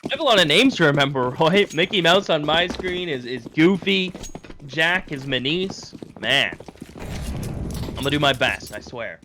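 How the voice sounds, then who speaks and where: A man commentating an esports match, animated and climbing to shouted calls in clutch moments. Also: fairly high pitch, normal speed. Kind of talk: esports color and play-by-play commentary. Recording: game gunfire noise behind. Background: game gunfire and clicks.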